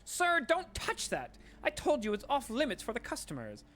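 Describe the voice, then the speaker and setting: Brief: man putting on a high, flustered woman shopkeeper, nervous and superstitious, pleading, shrill, swoops around a lot. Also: huge pitch swings, moderate pace, fairly bright tone, slight background noise, exaggerated voice. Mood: panicky pleading. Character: nervous superstitious female bookshop owner.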